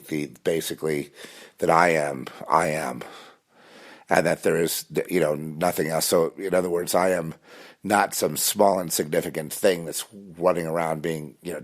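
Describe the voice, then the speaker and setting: A man delivering a rambling, insistent personal monologue, full of restarts and repeated words. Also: rumbling low. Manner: intense, insistent.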